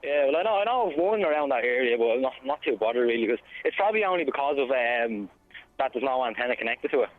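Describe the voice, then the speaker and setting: A man's voice: medium pitch, lively intonation, fast talker, no room sound. A man with a Dublin accent calling in to a radio phone show, rambling casually with slang. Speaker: caller. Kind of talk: phone-in chat. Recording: tinny phone line.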